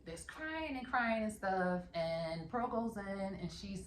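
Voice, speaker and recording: Animated woman retelling a film. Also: mid-range voice, slow pace, slight background noise. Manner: animated, acts out scenes with sound effects. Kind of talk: casual film recap. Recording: roomy echo.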